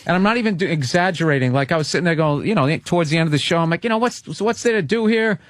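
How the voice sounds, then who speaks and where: A comedian guest on a talk radio show, telling rambling, profane stories about a gig abroad. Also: male voice, fairly high pitch, lively intonation, racing, a bit bright, dry recording. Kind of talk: casual anecdote on talk radio.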